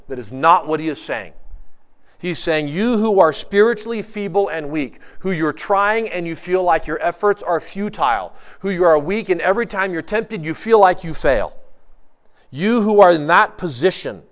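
A pastor preaches a sermon in an earnest, emphatic voice on the high side. He poses rhetorical questions and shifts between quick bursts and slow, stressed phrases.

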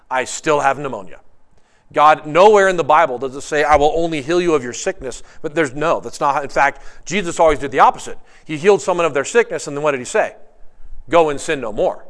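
A man preaching a sermon, earnest and emphatic, asking rhetorical questions and moving between quick bursts and slow, stressed phrases. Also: a little high. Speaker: pastor.

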